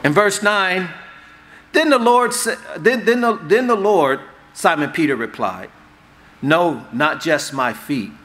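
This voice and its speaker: Bright-voiced animated male preacher. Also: high-pitched, takes it slowly, a little hiss or hum. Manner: animated and conversational, acts out dialogue. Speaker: pastor. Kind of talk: sermon. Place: church hall.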